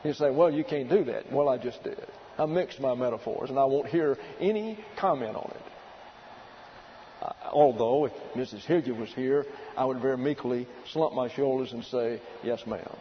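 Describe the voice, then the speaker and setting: A man preaching a sermon, working through numbered points in a deliberate, emphatic way. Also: medium pitch, highs cut off, a little hiss or hum. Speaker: pastor.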